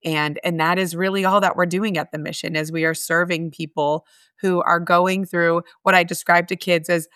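Middle-aged woman guest, heartfelt and earnest, smooth resonant voice, dry close recording. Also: fairly low pitch, level tone, moderate pace, a bit bright, dry recording. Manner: earnest, heartfelt, with many restarts. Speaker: guest, homeless mission staff. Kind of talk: conversational interview.

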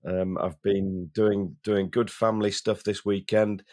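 Male co-host, lowish voice, has a cold, rambling casual chat with word repeats. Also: little pitch movement, a little slow, dark tone. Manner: chatty, repeats words while starting sentences. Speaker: podcast co-host.

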